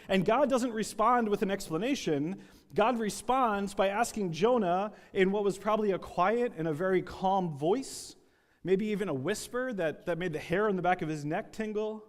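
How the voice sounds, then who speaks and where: A man preaching a sermon, telling a story with acted-out quotes and some repeated words. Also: high voice. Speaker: pastor. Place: church sanctuary. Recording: long reverb of a church hall.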